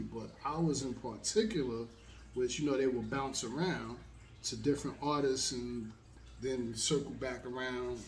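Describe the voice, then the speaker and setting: Slow, laid-back man telling a story. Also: medium pitch, reverberant, recorded from a distance, slight background noise. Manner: laid-back, rambling, with many fillers. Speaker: host. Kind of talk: casual storytelling monologue.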